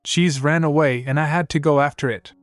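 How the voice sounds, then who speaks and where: A man's voice: a little high, fairly quick, no room sound, pitched above the performer's own voice, close to an everyday voice. A man voicing a timid young boy prince in a storybook recap, shy and stammering by nature. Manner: stammering, then excited.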